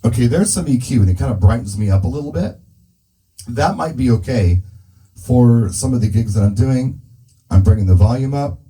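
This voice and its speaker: A mobile DJ tests his gear indoors, speaking through a handheld dynamic mic into a PA speaker and casually thinking aloud as he tweaks the settings. His voice is warm and medium-pitched, moving at a moderate pace with frequent pauses, and the recording quality is low.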